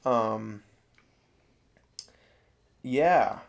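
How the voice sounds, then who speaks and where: A man hosting a comedy podcast in casual banter. He laughs often and fills pauses with many ums. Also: mid-range voice, vocal fry. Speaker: podcast host.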